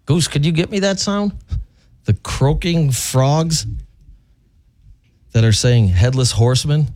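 A man's voice: a little high, takes it slowly, darkish tone. A man co-hosting a radio show, teasing and laughing easily in casual banter. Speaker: radio co-host.

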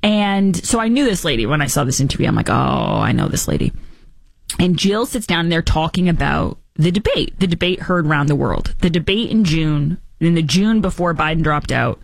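A woman hosting a talk show delivers mocking, theatrical political commentary. Her voice sits low, yet it swoops up and down a lot. The sound is dry and close, with no room echo. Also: lively intonation, fairly quick, few pauses. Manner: mocking, theatrical, does squeaky impressions.

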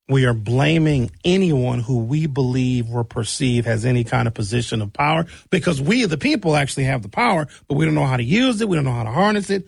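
A man hosting a talk show who is hoarse from recent shouting, giving blunt, conversational commentary on local news and asking rhetorical questions. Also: mid-range voice, animated, fairly quick, few pauses, dry recording, clean studio sound.

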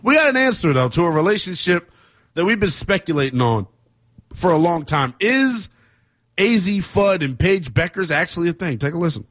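A man's voice: high-pitched, moderate pace, no room sound. A man hosting a late-night sports call-in radio show, talking animatedly and taking calls. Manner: animated, laughs a lot, teasing. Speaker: radio host.

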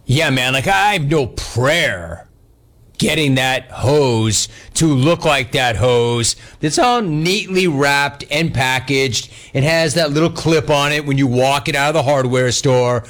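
A man's voice: mid-range voice, expressive, slow pace, a bit bright. Guy hosting call-in radio, brash and jokey, ribs the callers. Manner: brash, joking, teasing callers. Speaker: radio talk show host. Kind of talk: sports talk radio banter.

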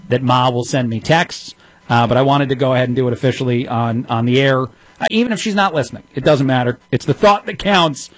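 A sarcastic male radio host in his thirties, talking through the news with plenty of ums and uhs. His voice sits at an ordinary middle pitch, and the studio sound is dry and close. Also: no room sound. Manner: sarcastic, rapid-fire delivery with frequent fillers. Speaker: radio talk show host. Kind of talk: opinionated radio commentary.

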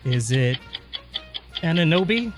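A male sports co-host who speaks very slowly, with a hesitant, searching way of talking. Clear music plays behind him. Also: on the high side, very animated. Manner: slow, hesitant guessing. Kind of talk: casual sports radio chat.

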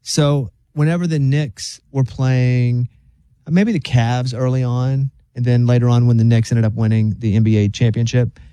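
A man's voice: mid-range voice, moderate pace, smooth, no room sound. A man hosting a radio show, chatting casually and joking as he reads stories out. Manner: joking, animated storyteller who slips into silly voices.

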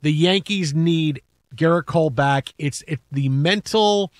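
Animated man on sports talk radio. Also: on the high side, no room sound, clean studio sound. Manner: animated, quick restarts, acts out quotes. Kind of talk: casual sports talk and storytelling.

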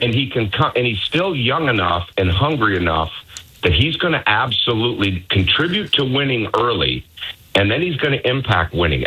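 A man's voice: fairly low pitch, sharp tone, husky, low-quality recording. A male basketball coach, a guest on sports talk radio, giving emphatic, insistent opinions.

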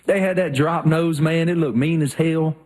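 A man's voice: fairly high pitch, steady tone, normal speed, a little mellow. A man from the Southern US co-hosting a sports radio show, enthusiastic and folksy in casual chat.

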